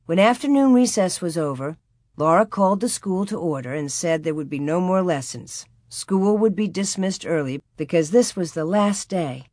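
A woman narrating a storybook in a calm, measured and expressive way. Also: fairly low pitch, dry recording, clean studio sound. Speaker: audiobook narrator.

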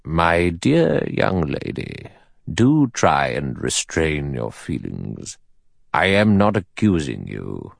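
A man voicing an elderly judge with a thin, sour, acid voice who speaks slowly and precisely. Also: rumbling low, lively intonation, creaky, no room sound, exaggerated voice. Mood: measured. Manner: slow, measured, dry.

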